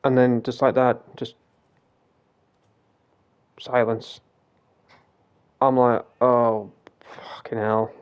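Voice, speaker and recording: A man's voice: medium pitch, little pitch movement, very slow, long pauses, clear, resonant tone, highs cut off. A man casually telling a ghost story during a game stream, rambling, swearing freely and acting out what people said. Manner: rambling, swears freely, retells quoted dialogue.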